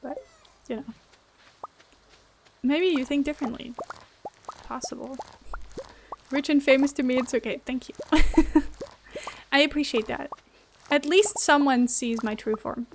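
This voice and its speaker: A woman with a high voice chats with viewers while she plays a game. She talks slowly and laughs often in an easy, casual way. Faint noise sits under her voice. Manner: giggly, chatty, answering chat. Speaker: streamer. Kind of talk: casual gameplay chat.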